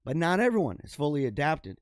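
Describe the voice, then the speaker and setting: With a fairly high voice, big pitch swings, and a brisk pace, a male podcast host speaks straight to his viewers in a clean studio recording with no room sound. He casually reads bizarre news stories and riffs on them, laughing often.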